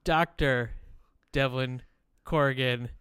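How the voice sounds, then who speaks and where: A man hosting a podcast over a video call, chatting casually, swearing freely and halting with fillers. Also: medium pitch, steady tone, fairly bright tone, clean tone, no echo, studio quality. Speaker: podcast host.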